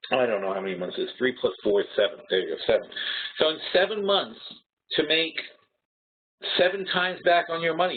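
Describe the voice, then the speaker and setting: Guy hosting a trading webinar, blunt, restarts a lot, kinda husky, sounds like a phone line. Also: fairly high pitch. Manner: blunt, talks through numbers aloud with restarts. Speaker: webinar host. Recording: tinny phone-like audio.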